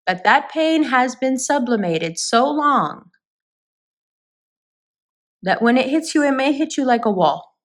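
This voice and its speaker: A woman's voice: high-pitched, very animated, takes it slowly, long pauses. A woman giving a spoken tarot reading, talking straight to her viewers in an earnest, reassuring way. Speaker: tarot reader.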